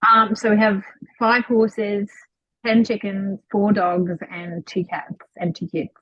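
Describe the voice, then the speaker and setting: An Australian woman from Australia, a podcast guest chatting casually over a remote call, easygoing and quick to laugh. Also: mid-range voice, flat delivery, no echo. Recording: dull, dry remote call audio.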